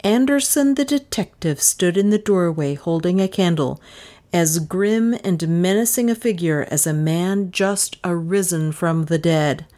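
Low-voiced woman narrating a story. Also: measured pace, dark tone. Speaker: audiobook narrator. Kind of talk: scripted narration.

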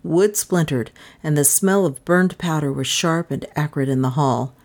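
A woman narrating a crime novel as an audiobook, in a steady, measured, dramatic reading. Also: low voice.

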